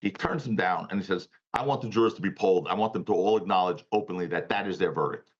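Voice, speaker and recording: Appearing as a talk-show guest via remote call, a male defense attorney with a low voice talks fast on muffled audio. He tells his story emphatically, laughing occasionally, in an animated storytelling interview.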